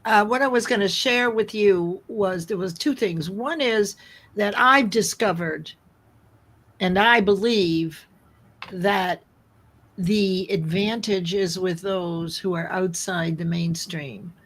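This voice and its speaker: A woman hosts a live online talk show at an unhurried pace. She rambles earnestly, circling back and restarting her sentences as she goes. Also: medium pitch, a bit bright. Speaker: host.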